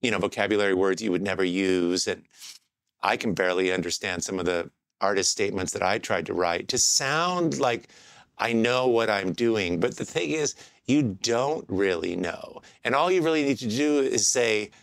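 A man's voice: on the low side, expressive, normal speed, no room sound. A man hosting a podcast, talking in a reflective, searching way with many fillers and restarts. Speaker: podcast host. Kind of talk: casual podcast talk.

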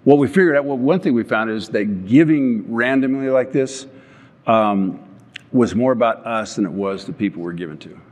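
A man's voice: mid-range voice, lively intonation, normal speed, a little mellow. An older man, a company founder, giving an earnest storytelling talk on stage and often restarting his words. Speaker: company founder speaking at an event. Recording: long hall reverb.

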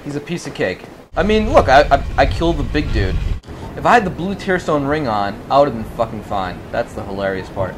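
A man's voice: sing-song, a little fast, noisy background. A man doing gameplay commentary, swearing constantly, muttering to himself and then bursting into screamed rage. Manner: talks himself down in low muttering between outbursts. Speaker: gaming commentator.

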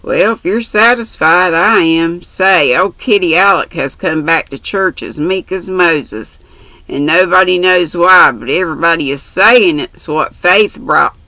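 A woman's voice: on the low side, a little slow, bright, forceful tone, dry recording, rough recording. A woman voicing a brash, chatty country orphan girl who talks in bossy, boastful slang.

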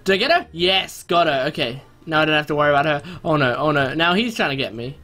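A young man casually commentating on an online game from his small bedroom, rambling with sudden excited outbursts. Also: fairly high pitch, fast talker, soft background music. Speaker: gaming video host.

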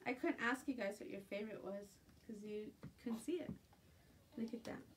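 A woman's voice: fairly high pitch, normal speed. A middle-aged woman selling jewelry on a live stream from home, chatting casually and sometimes cooing in baby talk. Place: home at night. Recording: distant phone mic with faint room noise.

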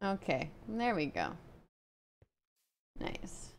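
A woman livestreaming a game with casual commentary, hiccuping, reacting excitedly to chat, swearing and laughing often. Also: mid-range voice, very slow, creaky, slight background noise. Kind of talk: casual live gameplay commentary.

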